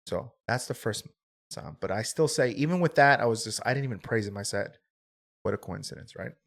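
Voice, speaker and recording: A candid young man in his twenties, rambling through a personal story in casual podcast chat. His voice sits fairly low, and he swears freely, leaning on "like" and "right?" as he goes. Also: fairly quick, vocal fry, fairly bright tone. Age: 20s. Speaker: podcast guest.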